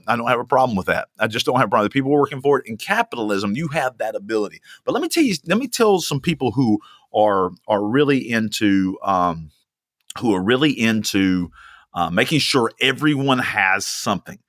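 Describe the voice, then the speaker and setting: A man's voice: medium pitch, animated, fairly quick, a bit bright, dry recording, clean studio sound. A young man preaching a sermon as a pastor, emphatic and fond of repeating lines for stress. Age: young adult.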